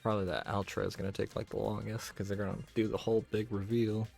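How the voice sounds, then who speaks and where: A man's voice: on the low side, level tone, fast talker, vocal fry, a little mellow, soft background music. A young man streaming a game with friends, chatting casually and telling rambling stories full of "like" and "you know". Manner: coaxing baby talk to his dog, rambling anecdotes full of fillers. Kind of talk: casual stream chat and storytelling.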